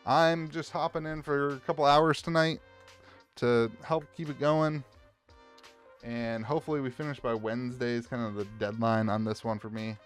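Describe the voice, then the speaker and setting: Sorting trading cards on a live stream, a man with an Appalachian American accent, who owns a card shop, chats loosely and welcomes viewers by name. His mid-range voice is steady, clear, and resonant at normal speed, with faint music in the background.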